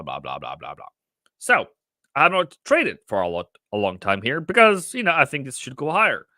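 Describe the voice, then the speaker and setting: Casting note: male trading mentor, bright tone, dry close sound, jokey and rambling live commentary. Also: fairly low pitch, no room sound. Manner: rambling, self-mocking and jokey. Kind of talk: casual live-stream market commentary.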